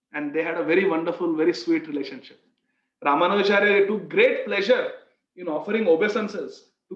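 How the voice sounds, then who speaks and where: A man preacher telling a story in a sermon, animated and fond of repeating phrases. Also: a little high. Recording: echoey, dull sound.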